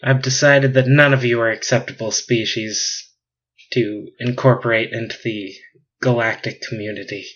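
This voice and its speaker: A man's voice: medium pitch, steady tone, normal speed, fairly bright tone, natural voice. A man voicing an alien who lectures the crew in a lofty, judging manner, on a dull lo-fi recording.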